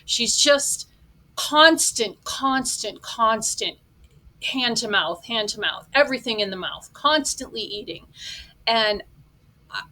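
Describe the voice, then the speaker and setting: A woman's voice: on the high side, expressive, measured pace, pushed and bright. A middle-aged woman giving blunt, scornful commentary as she reacts to a vlog. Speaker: reaction vlogger.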